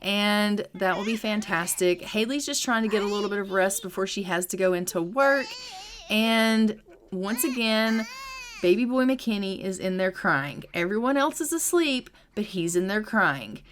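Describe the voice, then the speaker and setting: Playing a life-simulation game, this gaming channel host keeps up casual, cheerful commentary sprinkled with "um." She speaks at a medium pitch in a fairly bright tone.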